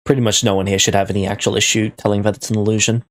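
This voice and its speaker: A man narrating a tabletop game as game master over a voice call mic, giving calm, matter-of-fact rulings. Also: fairly low pitch, racing, no echo, clean studio sound.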